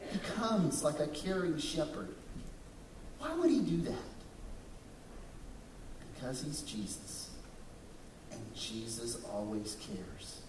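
A pastor's fairly high, expressive voice moves slowly and pauses often as he delivers a dramatic sermon, asking the congregation questions and voicing the figures he quotes. The church sanctuary echoes, the mic sits far away, and background noise is present.

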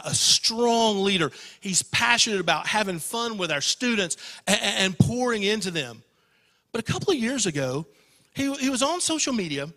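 A man preaching a sermon in a church, telling an emotional story and swinging from loud passages to hushed ones. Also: high voice, big-room sound. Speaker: pastor.

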